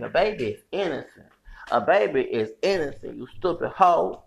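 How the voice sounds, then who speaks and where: A man's voice: a little high, animated, normal speed, creaky, fairly bright tone. A man hosting a solo podcast, delivering a heated, profane, rambling rant with bursts of laughter. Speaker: podcast host.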